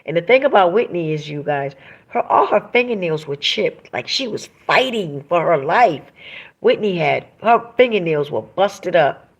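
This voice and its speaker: A woman's voice: on the low side, animated, normal speed, husky. A woman hosting a livestream, reading viewer comments aloud and talking in an emphatic, preachy way that repeats phrases for emphasis. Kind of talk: emotional livestream monologue.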